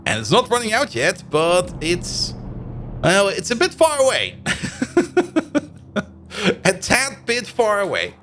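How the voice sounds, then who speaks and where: A man's voice: sits high, huge pitch swings, slow, pauses often, bright, forceful tone, slight background noise. A man streaming a game live, chatting and thinking aloud as he plays and laughing often. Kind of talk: live stream commentary while playing.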